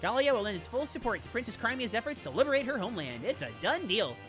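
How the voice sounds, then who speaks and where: Woman voicing a cheeky young male beast-warrior, breezy, teasing, lively pitch. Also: fast talker, over music.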